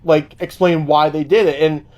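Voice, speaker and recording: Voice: medium pitch, steady tone, moderate pace, darkish tone, highs cut off. A podcast co-host recapping a movie plot in casual chat, with some swearing.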